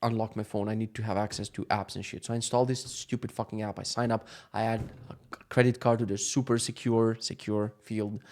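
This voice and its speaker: A young man telling a travel mishap story in a casual rant, exasperated and swearing, with animated bursts of frustration. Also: fairly low pitch, fairly quick. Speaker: vlogger.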